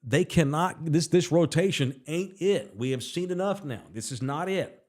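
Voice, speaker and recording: A man's voice: on the high side, normal speed, darkish tone. Blunt profane male sports talk host. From Texas. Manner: blunt, heated, profane ranting. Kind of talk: casual opinionated sports talk.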